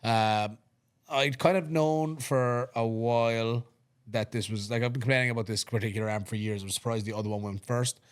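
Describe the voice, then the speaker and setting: Irish male podcast co-host, mid-pitch, easygoing and rambling, young adult. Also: moderate pace, clear, resonant tone. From Ireland. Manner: relaxed, rambling, restarts sentences often. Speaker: podcast co-host and strongman competitor. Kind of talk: casual chat.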